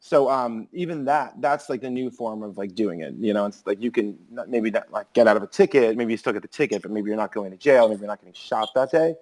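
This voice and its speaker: A man in casual podcast chat, rambling and animated, peppering his stories with filler words. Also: lowish voice, fast talker, hardly any pauses, rough recording. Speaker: podcast co-host.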